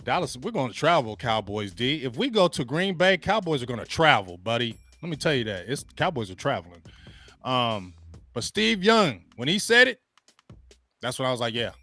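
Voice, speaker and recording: A man ranting excitedly on a sports talk show, slangy and repetitive, working himself up with chant-like calls. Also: medium pitch, moderate pace, faint music behind.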